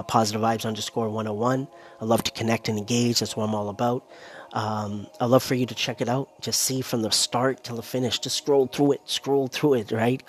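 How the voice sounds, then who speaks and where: A man talking casually on his own as a content creator, rambling and tagging lines with "right?", a little short of breath. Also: mid-range voice. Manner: rambling, keeps adding "right?" and "you know". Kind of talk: casual solo monologue.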